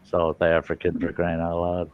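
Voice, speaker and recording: Deep-voiced man telling rambling stories. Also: monotone, unhurried. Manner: rambling storyteller, salty, acts out quotes. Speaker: host. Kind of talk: casual livestream chat. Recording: dull lo-fi stream audio with faint hiss.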